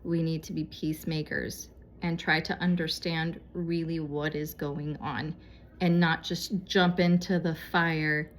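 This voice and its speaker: A woman's voice: low-pitched, flat delivery, a little slow, a little hiss or hum. A woman vlogger speaking to her viewers in a casual, earnest and pleading way, giving moral advice. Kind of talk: casual heartfelt exhortation to viewers.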